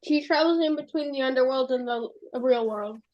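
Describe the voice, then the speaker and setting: Female guest, high pitch, playful mock menace, casual chat. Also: moderate pace, muffled recording.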